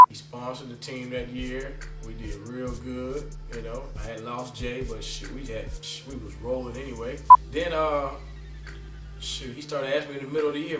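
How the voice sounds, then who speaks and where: A man who coaches youth basketball, telling a long story in a casual, animated way and acting out the voices of the people in it. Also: medium pitch, normal speed. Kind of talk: storytelling interview. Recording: echoey room, slightly distant mic, music behind.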